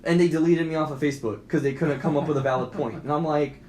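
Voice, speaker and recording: A man's voice: steady tone, fast, a little mellow. A young man co-hosting a podcast, ranting casually about a movie in a rambling, profane way. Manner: rambling, profane, acts out quoted lines in a higher voice. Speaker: podcast co-host. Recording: echoey room with faint background noise.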